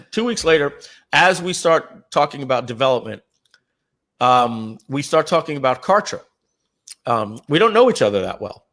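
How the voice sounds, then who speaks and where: A middle-aged man telling a story as an interview guest, acting out the dialogue and often clearing his throat. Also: medium pitch. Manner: animated retelling that acts out quoted dialogue.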